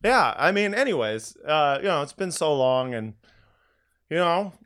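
A man's voice: a little high, very animated, a little slow, a bit bright. A tired man with allergies co-hosting a casual podcast, rambling with many fillers. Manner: rambling, hesitant, lots of fillers. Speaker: podcast co-host.

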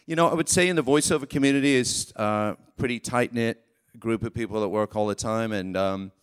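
A British man talks onstage at a convention Q&A, answering questions in an easy, playful way. He jokes at his own expense and drifts into voices. His pitch sits in the middle of the range. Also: moderate pace, smooth. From England. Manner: playful, self-deprecating, slips into voices and jokes. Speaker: voice actor guest. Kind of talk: live onstage Q&A. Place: live convention stage.

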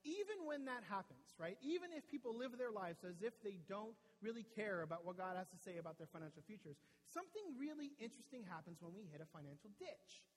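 A man's voice: sits high, sing-song, quick pace, hardly any pauses, long reverb tail, poor audio. A man preaching a sermon to a church audience in a casual, conversational way, often asking "right?" and restarting words. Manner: conversational, frequent tag "right?", repeats words when restarting. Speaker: pastor. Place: church hall with a live audience.

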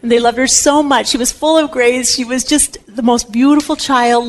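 A woman with a fairly high voice teaches on faith in the manner of a storyteller. She speaks with animated energy and voices the people in her tale as she goes. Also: moderate pace, few pauses. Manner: animated storyteller acting out quoted lines. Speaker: Catholic teacher. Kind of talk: religious teaching talk, storytelling.

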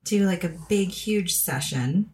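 A woman's voice: on the low side, animated, measured pace, darkish tone. A woman hosting a podcast in casual chat, chatty and laughing often, with fillers. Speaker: podcast host.

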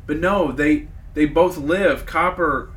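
A man's voice: a little high, takes it slowly, fairly bright tone. A man in his late thirties hosting a podcast in casual chat, rambling and joking about getting choked up. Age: 30s. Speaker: podcast host.

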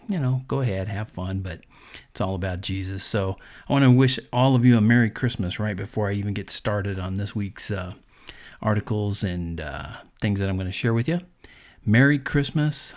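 A man's voice: lowish voice, darkish tone. Earnest man hosting a faith podcast. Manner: earnest, conversational preaching with fillers. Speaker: podcast host. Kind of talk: devotional podcast monologue.

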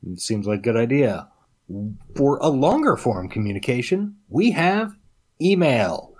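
A man's voice: mid-range voice, sing-song, measured pace, darkish tone, slightly rough. A man co-hosting a podcast in casual chat, talking in a rambling, hesitant way with many fillers. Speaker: podcast co-host.

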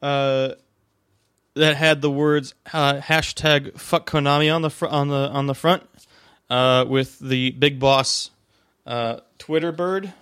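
A man's voice: medium pitch, fairly even intonation, takes it slowly, a bit bright, clear, resonant tone, no echo, studio quality. Rambling, joking podcast host, man. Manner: rambling, joking, lots of fillers and restarts. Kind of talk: casual chat. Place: home room, on a video call. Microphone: desk microphone.

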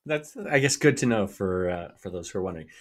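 A man hosting a podcast in a relaxed way, asking his guest questions. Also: low-pitched, a little fast. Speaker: podcast host. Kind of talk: casual interview chat.

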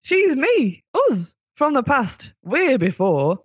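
A man voicing an excitable, frantic woman time traveller with a put-on Northern English accent. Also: slow, slightly rough, dry recording, lo-fi sound, full character voice. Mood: excited. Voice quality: breathless and high-strung.

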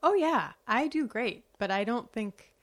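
A woman's voice: a little high, animated, a little slow. A woman from Wisconsin, a podcast guest, chatting casually and telling anecdotes with easy laughter. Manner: storytelling, laughs easily. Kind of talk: casual chat. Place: office.

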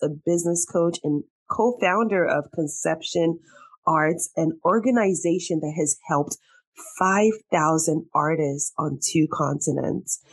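A woman hosting a podcast, chatting casually with a guest, bubbly and quick to laugh, sometimes getting emotional. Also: on the low side. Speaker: podcast host. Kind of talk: casual interview chat.

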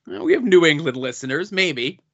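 A bright, fairly high-voiced man co-hosts a casual podcast and works through long guest lists with deadpan asides. His voice comes through dull, lo-fi audio. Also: a little fast. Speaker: podcast co-host.

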